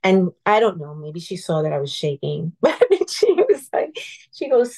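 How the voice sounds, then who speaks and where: A woman guest telling a personal story in an earnest, heartfelt, halting way. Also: fairly low pitch, sing-song, vocal fry, darkish tone. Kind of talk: personal storytelling in a podcast conversation.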